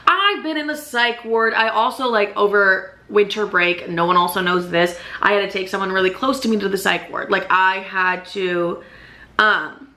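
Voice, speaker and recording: Bright-voiced young woman, chatty and emphatic. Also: medium pitch, moderate pace. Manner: emphatic and chatty, heavy swearing and constant "like" fillers. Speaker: YouTube vlogger. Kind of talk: casual storytelling to camera.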